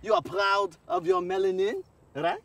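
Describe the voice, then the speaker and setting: A man's voice: high-pitched, very animated, moderate pace, fairly bright tone, no room sound. A man doing a sleazy fake-French photographer. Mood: seductive. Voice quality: breathy French put-on voice full of hesitations. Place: outdoors in the woods. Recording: distant mic with outdoor noise.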